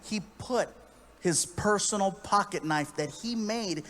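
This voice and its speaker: A comedian on stage, spinning an animated stand-up yarn and slipping into the voices of the people he meets. His voice sits high for a man and rings bright and forceful. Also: slow, a little hiss or hum. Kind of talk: stand-up storytelling.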